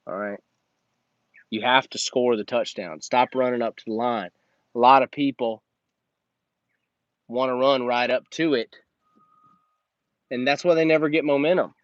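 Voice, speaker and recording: A man's voice: mid-range voice, measured pace, pauses often, no echo. Guy giving a blunt motivational pep talk, kinda preachy, dry close sound, dull lo-fi audio. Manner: blunt, emphatic, preachy, calls listeners "man". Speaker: host, motivational coach. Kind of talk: motivational monologue. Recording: dull lo-fi recording.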